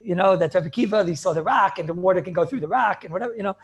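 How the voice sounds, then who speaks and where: A man's voice: high voice, rapid-fire. A middle-aged man teaching an informal Talmud class, talking in a conversational, repetitive way and dropping in Hebrew and Yiddish terms. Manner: conversational, repeats himself, peppers speech with Hebrew and Yiddish terms. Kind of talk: informal yeshiva shiur with student questions.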